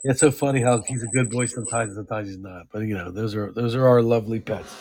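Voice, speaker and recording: A man's voice: fairly low pitch, fast talker, vocal fry. A middle-aged man co-hosting a podcast who tells casual stories about his family and pets and acts out the quoted lines. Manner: animated anecdote teller, acts out quotes. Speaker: podcast co-host. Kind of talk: casual comedic chat.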